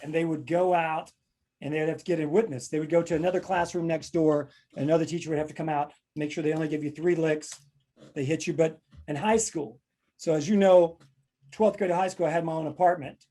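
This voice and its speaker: A man's voice: on the high side, fairly even intonation, a little fast, warm tone. Playful man hosting a jokey chat. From Kentucky. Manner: playful, jokey, acts out quotes. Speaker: podcast host. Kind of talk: casual comedic chat.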